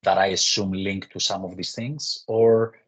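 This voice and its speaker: Male moderator, breathy and low, relaying questions politely. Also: flat delivery, a little slow. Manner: polite, hesitant, many "uh" and "um". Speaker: session moderator. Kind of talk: reading audience questions.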